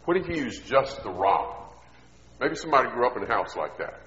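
A man's voice: medium pitch, moderate pace, a little hiss or hum. A man preaching a sermon on parenting, telling stories and asking the audience questions. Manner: storytelling, animated, asks the audience questions. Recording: echoey hall, dull sound.

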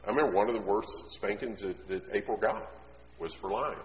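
In an echoey hall with a dull sound, a middle-aged man gives a sermon in a lowish voice, a little fast. His conversational storytelling swells into loud, emphatic preaching.

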